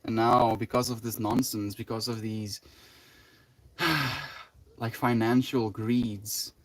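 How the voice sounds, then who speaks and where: Young man, livestreamer, casual chat, rambling, laid-back, lots of fillers, mid pitch. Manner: rambling, laid-back, full of "like", "you know" and "dude".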